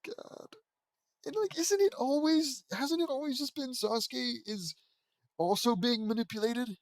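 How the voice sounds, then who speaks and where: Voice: mid-range voice, a little slow, dry recording. Sarcastic host reading fanfic and roasting it, laughs a lot, dry close mic. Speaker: host reading fan fiction. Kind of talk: comedic reading with commentary.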